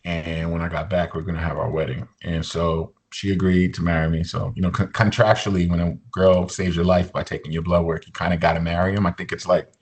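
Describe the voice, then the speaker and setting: A deep-voiced man in his forties speaks as a podcast guest, his tone low and a little husky. He tells his story loosely and casually, drops in jokes, and leans on "you know" as he goes. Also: fairly quick, hardly any pauses. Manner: relaxed, joking, loose with fillers like "you know".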